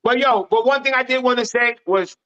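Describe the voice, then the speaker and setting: An American man on a podcast panel, telling stories in a loud, animated voice and swearing a lot. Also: very high voice, fairly quick, over a noisy crowd. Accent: American English. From United States. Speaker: panel guest. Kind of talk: casual storytelling on a podcast panel. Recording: dull lo-fi remote audio.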